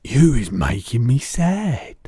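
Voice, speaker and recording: A man voicing a huge, kindly, soft-hearted old male giant in a storybook reading, speaking slowly and loudly in mangled grammar. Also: medium pitch, sing-song, husky, dry recording, clean studio sound, full character voice. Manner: mangled grammar, slow and loud.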